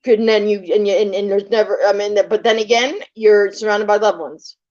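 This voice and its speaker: A middle-aged woman, chatting casually on a live stream and telling animated stories, often acting out the lines of the people in them. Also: mid-range voice, fairly quick. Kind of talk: casual storytelling chat. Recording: muffled lo-fi live stream audio.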